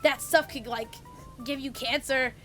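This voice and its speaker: An obsessive grown man rants insistently about his pet grievance, as a woman streamer quotes him. The voice stays high and bright, close to her own. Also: steady tone, unhurried, faint music behind. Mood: ranting. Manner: ranting, insistent. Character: ranting grown man, bad date, fussy and obsessive.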